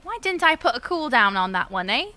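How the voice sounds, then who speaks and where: A woman's voice: high voice, sing-song, a little fast, pushed and bright. A woman game streamer chatting playfully with her chat as she plays, giggling often. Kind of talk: casual live-stream chat while playing.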